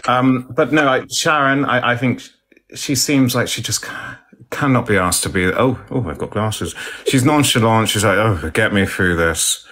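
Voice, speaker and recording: A man's voice: medium pitch, normal speed, a bit bright. A man chatting casually on a live stream, posh and theatrical, fond of old-fashioned words. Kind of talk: casual live chat reading comments.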